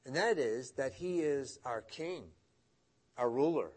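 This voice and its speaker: A middle-aged man preaching a sermon as pastor, conversational in tone, rising emphatically on key points and dropping low and soft. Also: lively intonation, takes it slowly.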